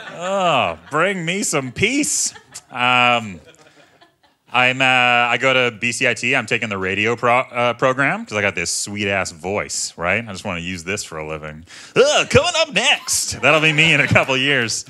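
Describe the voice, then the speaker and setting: Stand-up comic, thirties, man, self-mocking and animated, voice swings a lot. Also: mid-range voice. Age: 30s. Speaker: stand-up comedian. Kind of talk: stand-up comedy set. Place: comedy club stage with audience.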